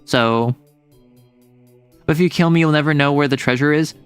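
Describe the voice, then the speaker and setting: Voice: mid-range voice, moderate pace, clear, resonant tone, no room sound, soft background music. A young adult streamer chatting casually with chat, playful and teasing, reading messages aloud. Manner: playful, teasing, lots of laughs and mock threats.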